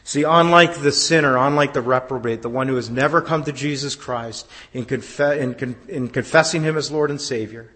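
A pastor preaching a sermon, swinging from loud declarations down to hushed, almost whispered lines. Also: male voice, medium pitch, normal speed, few pauses, big-room sound.

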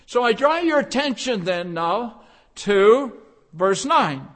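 Slow, high-voiced emphatic preacher man. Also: big pitch swings. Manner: emphatic, repeats key phrases with rising force. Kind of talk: sermon.

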